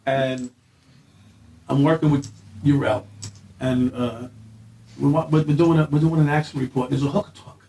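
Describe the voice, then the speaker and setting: A man's voice: medium pitch, little pitch movement, normal speed, pauses often, dark tone, recorded from a distance, a little hiss or hum. A man telling a long story in casual chat, acting out quoted lines, swearing and laughing as he goes. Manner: acts out quoted lines in a raised voice. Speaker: guest.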